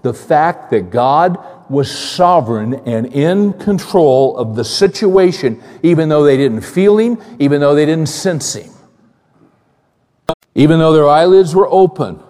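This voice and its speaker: A man preaching a sermon in a church, talking conversationally and repeating phrases for emphasis. His voice sits fairly high and sounds mellow and warm. The sound carries a long hall reverb. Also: lively intonation, measured pace. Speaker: pastor.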